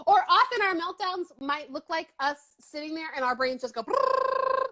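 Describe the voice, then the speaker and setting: A woman hosts a casual interview over a video call in a high, bright voice. She is chatty and eager, quick with affirmations. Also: animated. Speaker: host. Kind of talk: casual live interview chat.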